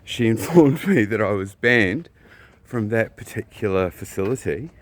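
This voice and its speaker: A man from New Zealand telling a personal story in a blunt, profane, casual way, often clearing his throat. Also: on the low side, animated, measured pace, no room sound.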